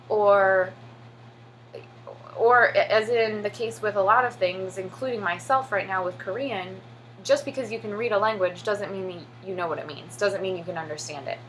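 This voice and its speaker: A woman's voice: medium pitch, a bit bright, low-quality recording. Chatty young woman vlogging with faint hum. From United States. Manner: chatty, many fillers and "like"; acts out children's voices when telling stories. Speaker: English teacher in Korea. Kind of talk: casual vlog.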